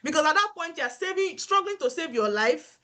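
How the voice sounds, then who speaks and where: A woman's voice: sits high, lively intonation, fairly quick, bright, forceful tone. Earnest woman giving advice. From Africa. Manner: earnest and encouraging, repeating points for emphasis. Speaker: nurse giving career advice. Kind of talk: motivational advice talk.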